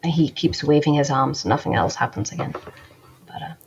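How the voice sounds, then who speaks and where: A woman's voice: low voice, animated, normal speed, lo-fi sound, a little hiss or hum. A woman narrating as game master of a tabletop game, hesitant and full of fillers.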